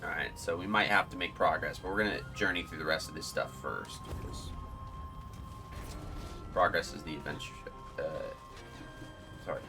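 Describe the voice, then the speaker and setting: A man's voice: low-pitched, a little fast, over music. A young man giving casual commentary while playing a video game, reading item text aloud between chatty asides. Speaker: gaming streamer.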